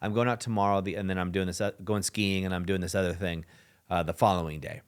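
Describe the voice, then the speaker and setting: A man's voice: sits low, fairly even intonation, quick pace, clear, resonant tone, lightly acted. A man voicing a worn-out, frustrated wife and mother who complains in an exasperated way.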